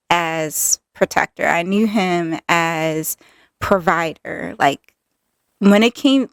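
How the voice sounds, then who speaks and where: A woman hosting her own podcast, telling a personal story candidly with many fillers and lively acted-out quotes. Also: on the low side, dry recording, studio quality. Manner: candid, filler-heavy, animated retelling. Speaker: podcast host.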